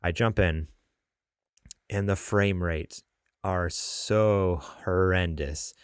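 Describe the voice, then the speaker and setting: A young man rambles through a casual podcast chat, animated and quick to laugh, often restarting his sentences. His voice sits low and deep. The sound is dry and close, with no room around it. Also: smooth, no echo. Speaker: podcast co-host.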